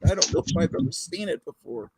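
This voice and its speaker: A man's voice: a little high, wildly swooping pitch, fast talker, noisy background. An older man hosting a casual chat, rambling with fillers and chuckles. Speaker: host.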